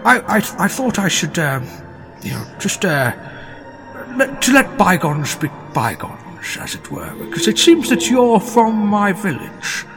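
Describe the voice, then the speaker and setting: A man doing a rueful, halting dragon ghost. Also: sits high, very animated, music in the background, pitched above the performer's own voice, heavily acted. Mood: apologetic. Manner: hesitant, halting with many fillers. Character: gentle, rueful male dragon ghost in a mirror.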